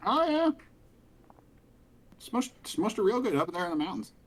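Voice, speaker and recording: A man's voice: high-pitched, sing-song, unhurried, a bit bright, pitched above the performer's own voice, exaggerated voice. A man voicing a boastful female goblin adventurer who brags and rambles eagerly.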